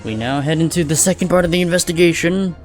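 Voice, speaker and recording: A man streaming a video game, chatting casually with viewers in a relaxed, laughing way. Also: fairly high pitch, fast talker, soft background music. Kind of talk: casual live-stream commentary.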